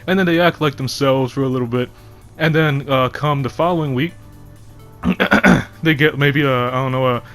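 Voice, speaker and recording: A man's voice: medium pitch, normal speed, fairly bright tone, soft background music. A man ranting casually to his viewers, rambling, laughing often and swearing freely. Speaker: vlogger. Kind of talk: casual rant to camera.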